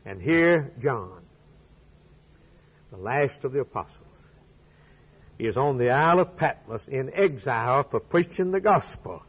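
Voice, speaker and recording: Male preacher, husky, unhurried delivery, dramatic swings from loud to hushed. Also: mid-range voice, expressive, low-quality recording. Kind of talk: sermon.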